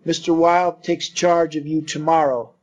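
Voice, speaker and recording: A man's voice: fairly high pitch, level tone, a little slow. A man reading aloud and voicing a deranged young man who rants feverishly about claiming a crown. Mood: triumphant. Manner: feverish, grandiose, shouting. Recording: dull lo-fi recording.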